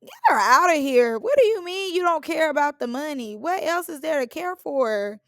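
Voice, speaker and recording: A woman's voice: high-pitched, expressive, moderate pace, no room sound. A woman, giving a sassy, opinionated recap of a reality show in a casual, blunt way.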